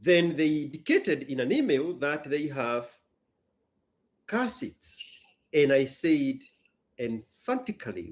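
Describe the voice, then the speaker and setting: Emphatic, blunt man with a lively voice. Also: fairly high pitch, slow pace, long pauses. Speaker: business owner and show host. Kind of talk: casual storytelling chat.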